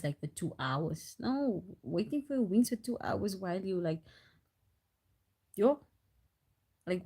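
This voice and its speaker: A woman chatting on a live stream, telling stories in an animated, rambling way with restarts and frequent laughs, into a phone. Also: lowish voice. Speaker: livestreamer. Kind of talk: casual storytelling on a live stream.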